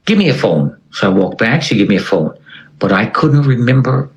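A man's voice: medium pitch, big pitch swings, fairly quick, highs cut off. A man telling a personal story in conversation, acting out other people's lines. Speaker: interview guest.

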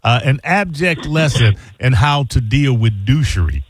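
A man's voice: medium pitch, lively intonation, measured pace, slightly rough, no echo, studio quality. A male radio co-host who teases and laughs along in casual chat. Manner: laughing, teasing.

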